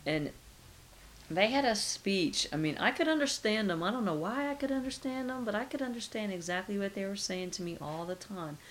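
A woman's voice: mid-range voice, lively intonation, a little fast, a little hiss or hum, rough recording. A middle-aged woman being interviewed, talking casually and musing with rhetorical questions.

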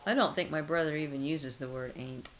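A woman's voice: low-pitched, a little fast, low-quality recording. A middle-aged woman being interviewed, talking casually and musing with rhetorical questions.

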